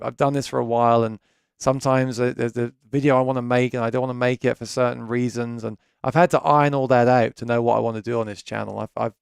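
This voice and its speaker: A chatty British man talks through a live stream from his home studio, restarting sentences as he goes. His voice is smooth and resonant with a gravelly edge. The sound is dry and close, with no room echo. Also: medium pitch. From Britain. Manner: chatty, rambling, self-correcting. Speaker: gear channel host.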